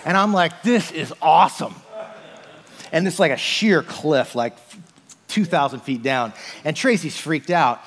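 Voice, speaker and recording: A man's voice: on the high side, animated, a little slow, fairly bright tone. Pastor, man, chatty sermon delivery, voice ringing in a reverberant sanctuary. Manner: conversational, frequent "like" and "right?".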